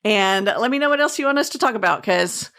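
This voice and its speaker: A woman's voice: mid-range voice, animated, fairly quick, a bit bright. Laughing, chatty woman hosting a talk show. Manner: chatty, laughs often, teasing. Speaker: show host and doctor. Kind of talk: casual chat.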